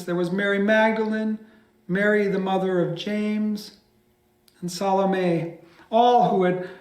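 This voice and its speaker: A man, a pastor, telling a scripture story by heart with dramatic delivery, dropping some lines to a hushed whisper. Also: high voice. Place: church. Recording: echoey church room.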